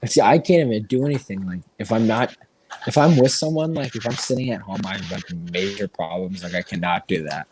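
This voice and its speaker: On a relaxed podcast he co-hosts, this man tells profane, easygoing stories full of filler words. His voice is fairly low and darkish, his pace brisk, with slight background noise.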